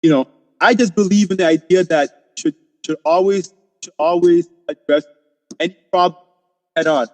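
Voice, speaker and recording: A man co-hosting a casual podcast discussion, emphatic and opinionated, talking in quick bursts. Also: high voice, a little mellow, long reverb tail. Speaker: podcast co-host.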